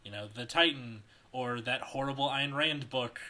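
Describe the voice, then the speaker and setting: Bright, animated man on a comedy podcast. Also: medium pitch, normal speed. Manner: animated, wry, laughs easily. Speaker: co-host reading a fan story.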